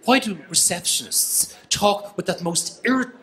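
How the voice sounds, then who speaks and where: A man's voice: high voice, expressive, a little slow, pushed and bright. A man with an Irish accent doing a stand-up comedy set on a club stage, chatty and slipping into mimicked voices.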